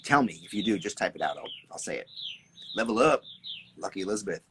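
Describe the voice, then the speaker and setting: Low-voiced man live-streaming among loud birdsong. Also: fast talker, slight background noise. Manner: animated and repetitive, swearing, greeting viewers by name. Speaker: artist and creative coach hosting a live stream. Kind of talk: casual live-stream chat reading viewer comments. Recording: birds chirping clearly in the background.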